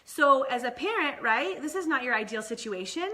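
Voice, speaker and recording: A young woman and mother talking casually to camera as a vlog host, chatty, with many "like" and "right?" fillers, her pace swinging between quick and slow. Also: high-pitched, expressive, sharp tone.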